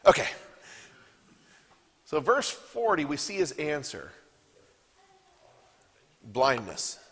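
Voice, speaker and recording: A man's voice: a little high, big pitch swings, takes it slowly, fairly bright tone, slightly rough, big-room sound. Man teaching a Bible class. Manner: reads scripture aloud and asks the class questions. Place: church classroom.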